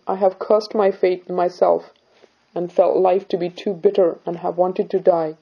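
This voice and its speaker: A woman's voice: mid-range voice, lo-fi sound, lightly acted. A woman reading as a grieving, pleading mother. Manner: anguished, pleading, self-reproaching. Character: grieving devout mother, middle-aged wife, pleading.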